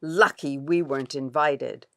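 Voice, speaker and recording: A woman's voice: deep voice, a little slow. A woman voicing a mischievous, sword-waving Viking girl who talks boldly.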